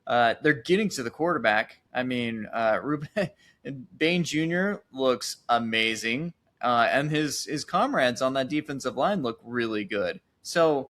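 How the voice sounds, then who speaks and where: Man, podcast co-host, casual sports chat, animated and halting, mid pitch. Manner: animated, thinking aloud with restarts.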